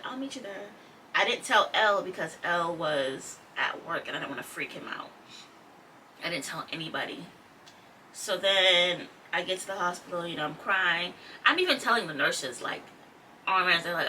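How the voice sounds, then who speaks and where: A vlogger in her twenties, low-pitched and sharp-toned, chats to her audience about a personal experience, her talk filled with "like" and quoted speech. A distant mic picks her up along with faint background noise.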